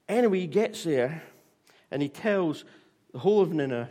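A man preaching a sermon, telling a Bible story in a lively way with restarts and fillers. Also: sits high, normal speed.

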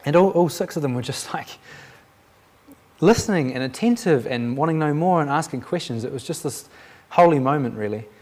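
A man's voice: fairly high pitch, expressive, brisk, a little mellow, slight background noise. A man sharing a Christian testimony as a preacher, telling the story with animation, acting out the voices in it and often restarting his sentences.

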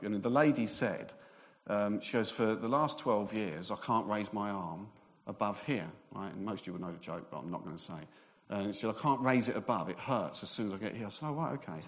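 Preaching man in a reverberant hall. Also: fairly low pitch. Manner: conversational storytelling, acts out quoted voices. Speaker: minister. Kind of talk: sermon with personal stories. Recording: long reverb of a large hall.

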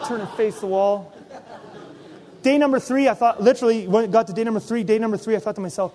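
A man preaching a sermon as pastor, telling personal stories with lively, acted-out asides. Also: high voice, quick pace. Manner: animated storytelling, acts out his own inner voice.

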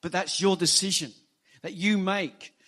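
A man preaching a sermon, animated and emphatic, acting out quoted lines. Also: high voice, measured pace. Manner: animated preaching, rising emphasis, quotes scripture in acted voices. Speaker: pastor.

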